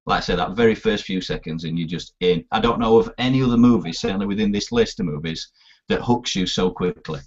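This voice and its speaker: A man in casual film chat, animated and swearing a lot as he acts out scenes he loves. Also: sits low, fast talker, slightly rough, dull audio. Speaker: podcast co-host.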